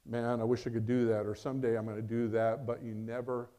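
A middle-aged male pastor delivers a sermon in a conversational, storytelling way. He acts out the voices in his story, sometimes rising loud and sometimes dropping almost to a murmur. His pitch sits in an ordinary middle register for a man. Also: level tone, fairly quick. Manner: storytelling, acts out dialogue with swings in volume.

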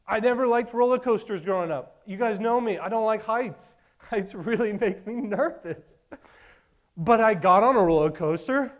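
Twenties guy giving a sermon, fairly high voice, lively storyteller, plays out his old self. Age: 20s. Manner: animated storytelling, acts out his own past voice. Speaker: preacher.

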